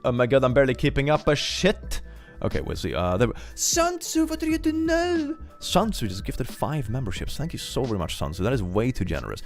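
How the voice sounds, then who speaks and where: A man's voice: huge pitch swings, brisk, faint music behind. Bubbly, giggly young man streaming. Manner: bubbly, giggly, swoops into high squeals. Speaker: streamer reading donations. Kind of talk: casual livestream chat.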